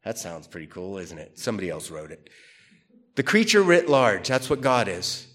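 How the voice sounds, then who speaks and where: Animated man lecturing on theology. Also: on the low side, normal speed. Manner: animated, conversational, reads quotes aloud. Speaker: theology teacher. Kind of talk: classroom lecture.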